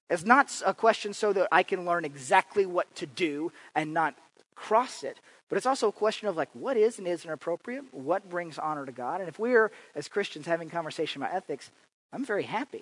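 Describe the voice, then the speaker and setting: A man's voice: fairly high pitch, dry recording, low-quality recording. A man giving an informal church talk, telling chatty, humorous stories with frequent fillers and restarts. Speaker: church speaker and improv teacher.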